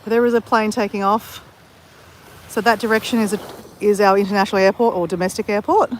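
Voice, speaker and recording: A woman's voice: medium pitch, steady tone, fast, slight background noise. A woman chatting to viewers on a phone livestream while walking outdoors by the sea, talking to them by name and laughing easily. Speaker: livestream vlogger. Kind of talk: casual chat on a walking livestream. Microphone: phone held while walking.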